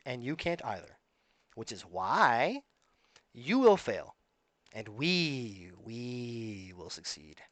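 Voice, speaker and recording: Give me a man in a rambling, pleading monologue, very animated pitch, recorded dry. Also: no echo. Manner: rambling and exhortative, repeats himself. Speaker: video blogger. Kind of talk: casual monologue to camera.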